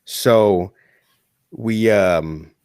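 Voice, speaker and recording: A man's voice: lowish voice, extremely slow, a little mellow, smooth, dry recording, clean studio sound. A man co-hosting a podcast, telling a personal story in casual chat with plenty of swearing. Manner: swears a lot in heartfelt storytelling. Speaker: podcast co-host.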